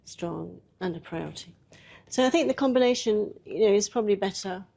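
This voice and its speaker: A woman's voice: medium pitch, a little fast, creaky, dark tone. Chatty woman demonstrating at a workshop. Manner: chatty, laughing often, guiding a volunteer. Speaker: workshop presenter.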